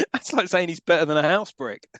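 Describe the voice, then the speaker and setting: A man's voice: high voice, big pitch swings, moderate pace, fairly bright tone, dry recording. A man co-hosting a podcast, making dry, sarcastic jokes about a film. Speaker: podcast co-host. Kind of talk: casual film review chat.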